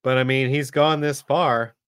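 A man's voice: mid-range voice, steady tone, measured pace, a bit bright, smooth, no echo, studio quality. A man co-hosting a film podcast, rambling casually, swearing and acting out scenes as he retells them. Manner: rambling, profane, acts out scenes. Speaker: podcast co-host. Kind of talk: casual chat.

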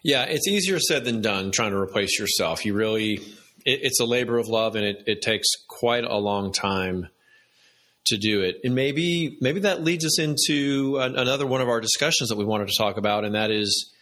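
A man's voice: on the low side, moderate pace, fairly bright tone. Male host, rambling and hesitant, asks loose questions. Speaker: podcast host. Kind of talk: business podcast interview.

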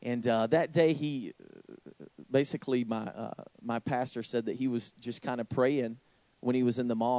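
A young man preaching a sermon, telling a story with lively, sudden high exclamations. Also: moderate pace, no room sound. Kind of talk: sermon with anecdote.

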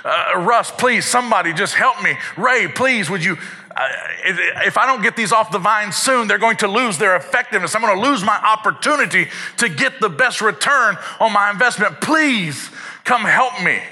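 A man's voice: animated, moderate pace, pushed and bright, heavily acted. A man voicing a desperate landowner who begs townspeople to help bring in his harvest, pleading in a strained voice. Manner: pleading, frantic, strained high voice. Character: desperate male landowner begging for harvest workers. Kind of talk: sermon storytelling.

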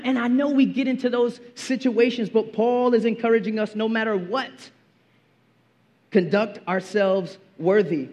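High-voiced young pastor preaching casually. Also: male voice, muffled recording. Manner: casual slang, animated, acts out movie quotes. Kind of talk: sermon.

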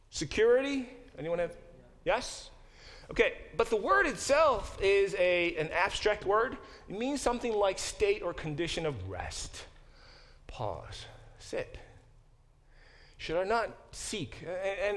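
This church Bible class teacher speaks in a slightly bright voice on the high side. His lecture feels like conversation, full of questions for the class and plenty of restarts.

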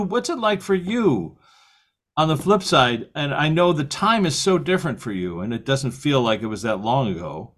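Older male podcast host, rambling storyteller, laughs often. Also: mid-range voice. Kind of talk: casual conversation.

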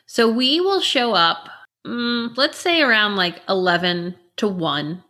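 Bright-voiced chatty woman in her forties. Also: mid-range voice, expressive, slow pace. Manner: chatty storyteller who acts out family quotes. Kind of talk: casual chat.

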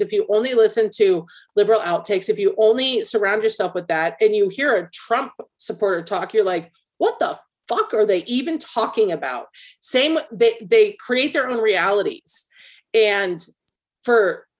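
Woman, podcast co-host, medium pitch, holds forth emphatically and at length. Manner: emphatic, opinionated, explains at length. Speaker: military veteran. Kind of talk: casual political chat.

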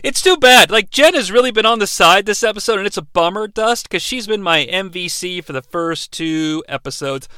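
A man's voice: high-pitched, animated, moderate pace, sharp tone, no room sound. A man hosting a podcast, recapping an episode with sarcastic, profane asides. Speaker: podcast host.

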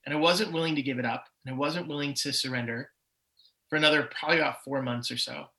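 A man in his forties speaks as a podcast guest, sharing his personal testimony with candor. His voice is bright and forward, with a middle pitch. His energy swings from quiet reflection to loud, excited retelling. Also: quick pace, creaky, poor audio. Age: 40s. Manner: candid, emotional storytelling with swings in energy.

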